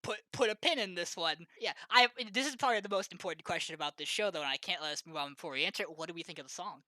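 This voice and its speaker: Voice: medium pitch, very fast, pushed and bright, no room sound. A podcast co-host chatting casually, prompting the other host with teasing questions. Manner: prompting, teasing, fillers and restarts. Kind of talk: casual chat.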